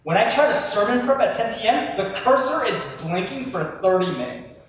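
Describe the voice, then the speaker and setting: High-voiced lively male preacher. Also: moderate pace, slight background noise. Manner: animated, chatty, talks straight to the crowd. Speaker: pastor. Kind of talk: sermon to a live audience. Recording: echoey hall from far off.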